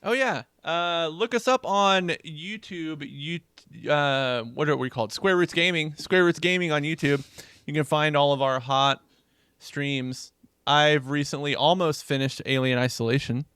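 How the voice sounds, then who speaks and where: Man, podcast co-host, easygoing, hesitant, bright crisp tone. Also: on the high side, a little slow, no room sound. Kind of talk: casual chat.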